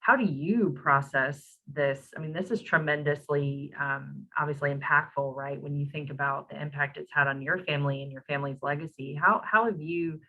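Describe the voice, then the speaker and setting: A woman's voice: sits low, steady tone, moderate pace, few pauses, sharp tone, lo-fi sound. A woman hosting an online talk, reading out audience questions in a conversational way with many fillers. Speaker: host, moderator.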